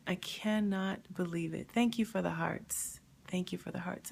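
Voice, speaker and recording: A woman hosting a live stream, talking emotionally and haltingly, sad and near tears, pausing to answer viewer comments. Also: lowish voice, sing-song, vocal fry, husky. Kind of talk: grieving live stream reaction.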